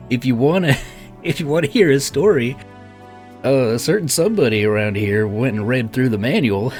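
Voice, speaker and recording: A man's voice: mid-range voice, normal speed, soft background music. A man giving casual game commentary, chatty and thinking aloud, laughing often. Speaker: let's play host.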